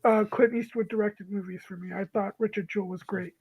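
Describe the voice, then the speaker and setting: A man on a casual panel chat, measured and thoughtful. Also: sits high, fairly even intonation, breathy edge, highs cut off.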